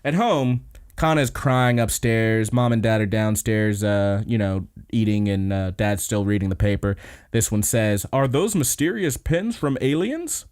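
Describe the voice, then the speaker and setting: A man's voice: on the low side, fairly even intonation, measured pace, darkish tone, clear, resonant tone. Laid-back swearing podcast guy. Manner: laid-back, swears freely, chuckles often. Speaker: podcast host. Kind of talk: casual episode recap.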